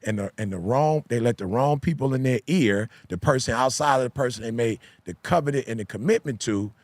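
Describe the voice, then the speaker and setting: A man's voice: medium pitch, fairly quick, dry recording. Emphatic preacher man, dry close mic. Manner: emphatic, repeats key phrases like a preacher. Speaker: pastor and podcast host. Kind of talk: casual podcast discussion.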